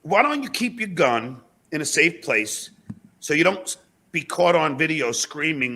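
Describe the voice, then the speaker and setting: Man, husky and gravelly voice, hedging talker, casual podcast delivery. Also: a little high, very animated, measured pace, bright, forceful tone. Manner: hesitant, hedging, guarded. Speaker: clip subject, podcaster. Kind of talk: casual monologue.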